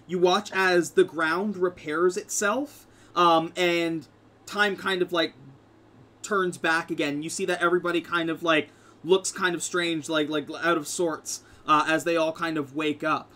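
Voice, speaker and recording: A man's voice: fairly high pitch, steady tone, unhurried, pushed and bright. A man narrating a tabletop game as game master, rambling with lots of fillers.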